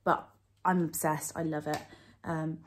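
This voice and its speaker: Young woman vlogger, slightly low voice, gushing and chatty, casual product-review delivery. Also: flat delivery, measured pace. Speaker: beauty vlogger.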